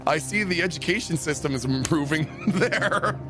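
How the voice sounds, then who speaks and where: Young Canadian streamer guy, Canadian accent, slightly high voice, profane teasing banter. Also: animated, normal speed, over music. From Canada, Greater Toronto Area. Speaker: game streamer. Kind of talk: casual livestream chat. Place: home basement office.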